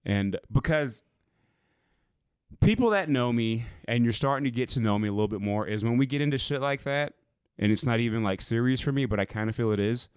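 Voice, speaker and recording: A man's voice: medium pitch, brisk, smooth, no echo, studio quality. A man co-hosting a podcast, telling a story in a loose, rambling way and swearing freely. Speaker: podcast co-host. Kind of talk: casual storytelling chat.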